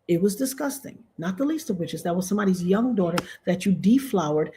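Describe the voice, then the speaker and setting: A woman's voice: on the low side, lively intonation, fast talker, mellow. An American woman doing casual commentary, emphatic and repetitive, with sudden outbursts. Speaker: commentary vlogger.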